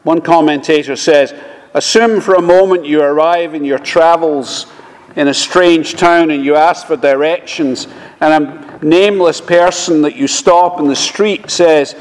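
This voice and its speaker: A man preaching a sermon, speaking slowly and measuredly, often quoting scripture. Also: on the high side. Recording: long reverb of a large hall.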